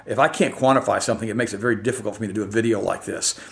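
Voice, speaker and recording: A man's voice: on the low side, vocal fry, a bit bright. Emphatic man in a monologue. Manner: emphatic, rapid-fire rhetorical questions. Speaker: health commentator. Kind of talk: direct-to-camera opinion monologue.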